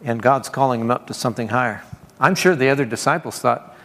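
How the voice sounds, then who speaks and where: A man with a mid-range, slightly bright voice rattles along quickly with hardly any pauses, preaching and giving prophetic words in a relaxed, conversational way full of laughing asides and repeated praise. The setting is a church meeting hall for informal charismatic ministry, with long reverb and faint ambience.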